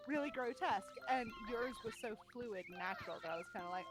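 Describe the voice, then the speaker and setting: A woman's voice: fairly high pitch, lively intonation, fairly quick, hardly any pauses. Giggly chatty woman, music behind. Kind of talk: casual chat.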